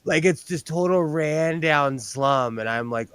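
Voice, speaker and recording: A man's voice: a little high, unhurried, a bit bright, smooth. A man hosting a casual chat while sewing, rambling and telling stories with animation. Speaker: host.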